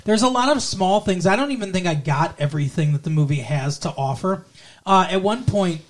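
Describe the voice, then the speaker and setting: High-voiced young man, rambling film chat. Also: expressive, brisk. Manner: rambling, full of fillers and restarts. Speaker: podcast co-host reviewing a film. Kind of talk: casual conversation.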